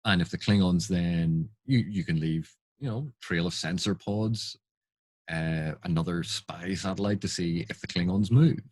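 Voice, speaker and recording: A man's voice: low-pitched, a little slow, darkish tone, dry recording. A man giving unscripted reaction commentary, exasperated and full of rhetorical questions. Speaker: film and TV critic.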